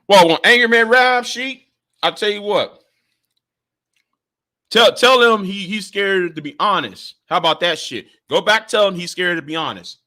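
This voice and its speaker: A man's voice: sits high, moderate pace, bright, forceful tone. A man hosting a casual livestream, angry, swearing constantly and stammering over repeated words. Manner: profane, stammering repetitions. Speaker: livestream host.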